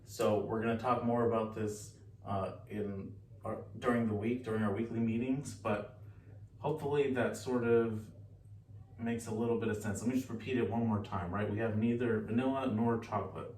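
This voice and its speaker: A man giving a relaxed, chatty recorded lesson, often pausing and correcting himself. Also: lowish voice. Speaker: teacher. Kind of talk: casual recorded lecture. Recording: echoey room, distant mic, faint hiss.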